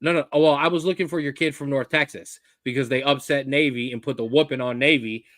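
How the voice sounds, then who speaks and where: A man's voice: medium pitch, fairly even intonation, fast, a bit bright, dry recording, studio quality. A man co-hosting a casual sports chat show, talking in a fired-up, ranting way. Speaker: co-host.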